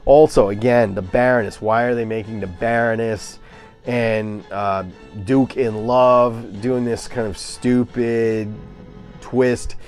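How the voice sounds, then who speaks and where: A man's voice: mid-range voice, fairly even intonation, takes it slowly, darkish tone, faint music behind. A man giving a casual, opinionated movie review, ranting and scoffing with lots of fillers and restarts.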